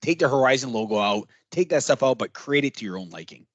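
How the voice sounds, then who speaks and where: A man giving a casual workshop talk as a trainer, chatty and animated, acting out what clients might say. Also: mid-range voice, fast, no echo, muffled recording.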